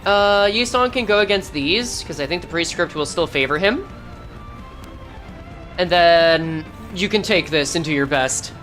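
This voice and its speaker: A woman's voice: on the low side, lively intonation, a little slow, a bit bright, soft background music. A woman streamer giving casual gameplay commentary, thinking aloud and correcting herself as she goes. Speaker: game streamer.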